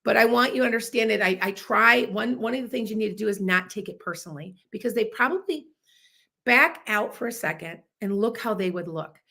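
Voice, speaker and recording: Emphatic woman podcast host, gravelly voice. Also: medium pitch, brisk. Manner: animated, emphatic, acts out quoted dialogue. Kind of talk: casual monologue podcast.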